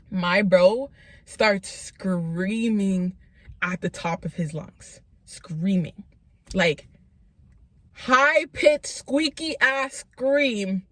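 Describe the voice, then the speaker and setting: A young woman telling a true story to her viewers in an animated, slangy way, often calling them "y'all". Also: on the high side, dry recording. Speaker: vlogger. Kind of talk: storytime vlog.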